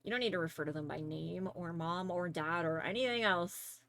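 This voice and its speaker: A woman's voice: lowish voice, brisk, gravelly, a bit bright, no room sound. A young Canadian woman with a Canadian accent, chatting casually and rambling with lots of fillers while she draws on a livestream. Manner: rambling, filler-heavy, laughs easily. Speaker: streamer. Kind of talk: casual chat while drawing on stream.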